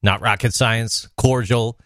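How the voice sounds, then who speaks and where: A man co-hosting a casual podcast, telling an everyday story in an easygoing, relaxed way. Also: mid-range voice, slow pace, dry recording, studio quality. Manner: easygoing, relaxed storytelling, reads news aloud. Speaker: podcast co-host.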